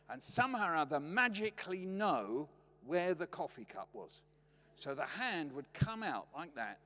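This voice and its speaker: A man's voice: on the high side, a bit bright. An older man with a British accent telling funny family stories in a lecture, acting out the voices playfully. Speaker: guest lecturer. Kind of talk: humorous storytelling lecture. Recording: long reverb of a lecture hall.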